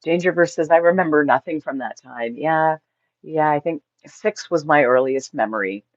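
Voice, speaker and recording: A woman's voice: deep voice, normal speed, no echo, muffled recording. Chatty woman hosting a livestream. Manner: chatty, reads comments aloud with bright exclamations. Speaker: livestream host reading viewer comments. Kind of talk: casual livestream chat.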